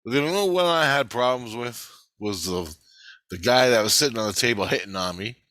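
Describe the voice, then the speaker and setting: Agitated, cursing man with a bright voice. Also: mid-range voice, animated, fairly quick, no room sound. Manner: agitated, profane, retelling dialogue in bursts. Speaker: vlogger. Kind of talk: casual recounting of a dream to camera.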